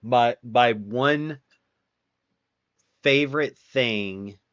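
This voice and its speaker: A man's voice: medium pitch, very slow, a bit bright, smooth, no echo. A man hosting a casual stream chat, telling stories with lots of swearing and acting out the quotes himself. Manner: profane, wry storyteller acting out quotes. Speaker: streamer, host. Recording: dull, dry, lo-fi sound.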